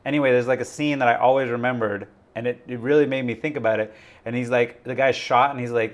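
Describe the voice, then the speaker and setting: A man's voice: mid-range voice, fairly even intonation, fast. Rambling casual male streamer. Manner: rambling, chatty, filler-heavy. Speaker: crypto YouTube streamer. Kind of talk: casual live-stream chat.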